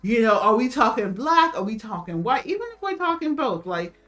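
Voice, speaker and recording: A woman's voice: a little high, very animated, brisk, fairly bright tone, soft background music. Chatty woman co-hosting a talk show. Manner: chatty, lots of fillers and restarts, laughs often. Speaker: co-host. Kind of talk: casual chat reacting to a video.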